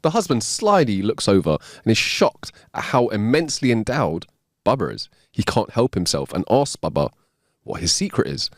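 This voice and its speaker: A man's voice: on the low side, very animated, normal speed, dry recording, clean studio sound. A man co-hosting a casual podcast, telling jokes, laughing often and poking fun at himself. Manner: laughs a lot, self-deprecating. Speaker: podcast co-host.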